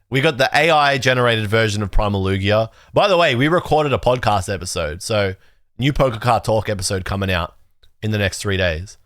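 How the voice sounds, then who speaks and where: Excitable, swearing male livestreamer. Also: on the low side, no room sound, studio quality. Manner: rambling, excitable, swears freely. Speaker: livestream host. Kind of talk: casual chat reacting to chat.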